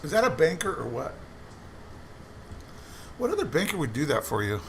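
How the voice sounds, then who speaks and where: Slight background noise sits under a man's gravelly, fairly bright voice, which is a little high and very animated at a normal speed. He's a coin roll hunting vlogger casually rambling through a story while sorting coins, repeating other people's lines.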